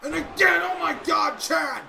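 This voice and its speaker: A man doing excitable play-by-play commentary of a wrestling video game, keeps breaking off with sudden interruptions. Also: extremely high pitch, unhurried, vocal fry, raised voice, over music, crowd noise.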